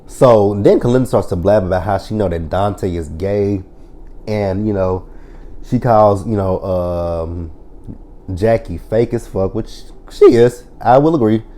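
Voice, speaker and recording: A man's voice: fairly low pitch, measured pace. Profane man recapping a TV episode. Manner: profane, blunt storytelling; animated retelling with quoted lines. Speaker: TV show reviewer. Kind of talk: casual episode recap review.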